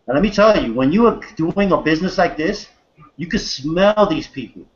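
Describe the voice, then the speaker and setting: A man's voice: expressive, moderate pace, muffled recording. Hyped man hosting a web call. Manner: hyped, repeats "guys", pitches a sign-up. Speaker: host. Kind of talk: motivational webinar hosting. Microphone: video call.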